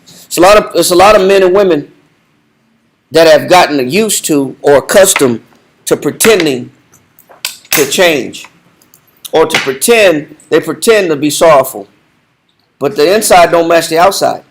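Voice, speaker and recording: Man teaching scripture, high voice, commanding, repeats his points. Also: lively intonation, measured pace, pauses often, a little hiss or hum. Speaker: Bible study teacher. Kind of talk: Bible study teaching.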